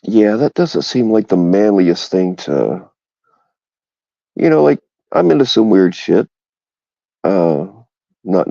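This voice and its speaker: A man's voice: sits low, creaky, warm tone, dry recording, muffled recording. A man co-hosting a crude casual chat, rambling and frank, and he laughs often.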